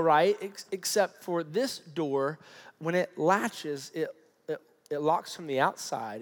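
A man in his thirties, a pastor telling a personal story in a sermon, animated and conversational with lots of fillers. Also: high voice. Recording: long hall reverb.

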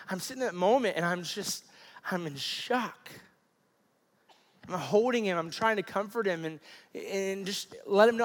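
A fairly high-voiced man in his thirties preaches by way of a personal story, casual and animated, scattering fillers as he goes. His voice carries a long reverb from a big hall. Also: moderate pace. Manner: animated, conversational with many fillers. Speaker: pastor. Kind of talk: sermon storytelling.

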